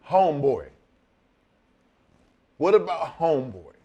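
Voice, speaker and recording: A former wrestler, appearing as a guest in a casual chat, tells a profane backstage story and acts out both sides of the conversation. His voice is medium-pitched and unhurried, with long pauses, and the retelling is animated.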